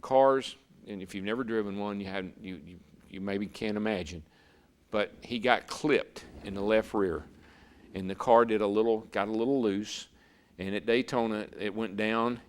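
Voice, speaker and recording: At normal speed and fairly low pitch, a man who went from racing to broadcasting shares a vivid story as an interview guest, repeating words frequently.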